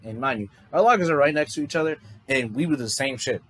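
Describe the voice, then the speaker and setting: A man's voice: medium pitch, expressive, quick pace, fairly bright tone, breathy edge, low-quality recording. A man casually improvising a story, rambling loosely with lots of fillers and restarts. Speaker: fan storyteller.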